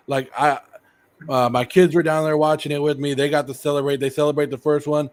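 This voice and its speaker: A middle-aged American man hosting a casual livestream, rambling excitedly and sounding a bit sick and hoarse. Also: on the high side, fairly quick. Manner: excited, rambling, laughs often. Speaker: host.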